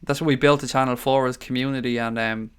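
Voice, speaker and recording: A man's voice: medium pitch, fairly even intonation, quick pace, clear, resonant tone. An Irish man hosting a casual live stream, reading out viewer comments and greeting people as mate and buddy. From Ireland. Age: adult father of young children.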